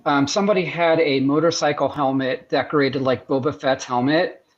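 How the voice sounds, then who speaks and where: A man's voice: on the high side, fairly even intonation, moderate pace. Enthusiastic man on dull lo-fi call audio. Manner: enthusiastic, rambling with many restarts. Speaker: guest artist. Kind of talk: casual interview chat.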